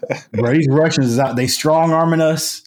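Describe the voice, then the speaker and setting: A man's voice: fairly high pitch, moderate pace. A man, a podcast guest, telling a story in a casual, colloquial way with lots of fillers and restarts. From United States.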